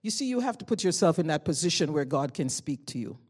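A woman preaches from the pulpit, loud and fervent, moving between easy conversational storytelling and sudden surges of feeling. Her delivery is personal and direct, like she is talking to each listener in the congregation. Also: deep voice, sing-song, fast talker, slightly rough. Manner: conversational storytelling with rising emotional bursts. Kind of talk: sermon.

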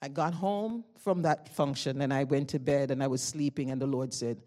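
With a rumbling low voice, a woman preaches a loud, fervent sermon at a moderate pace with few pauses. She shifts from easygoing storytelling into rising surges of emotion, speaking so personally and directly that it feels aimed at every congregant.

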